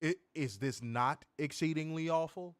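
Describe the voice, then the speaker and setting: A man's voice: fairly high pitch, normal speed, clear, resonant tone, no room sound, clean studio sound. A man co-hosting a podcast, ranting in an exasperated, sarcastic, profane way and calling his listeners y'all. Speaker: podcast co-host reviewing wrestling. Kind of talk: casual ranting review.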